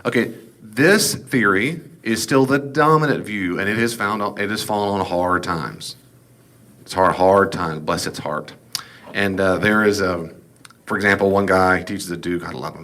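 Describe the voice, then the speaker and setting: A middle-aged man with a lilt lectures on scripture to a class. His voice sits low, and he keeps things casual and folksy, tossing in wry asides as he explains. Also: sharp tone. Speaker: Bible teacher.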